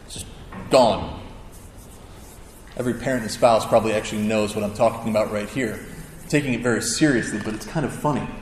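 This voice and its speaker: A man's voice: fairly low pitch, brisk, long pauses, a little mellow, slight background noise. A man preaching a sermon, telling stories in a casual, conversational way with self-deprecating humor. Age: adult with a child. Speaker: pastor. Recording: echoey hall with long reverb.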